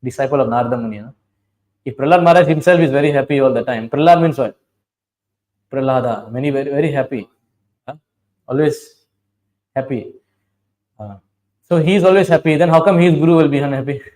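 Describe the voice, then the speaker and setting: A man's voice: medium pitch, a little fast, pauses often, a little mellow, poor audio. A man giving a devotional class, telling scripture stories, chanting verses and asking his listeners questions. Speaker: preacher.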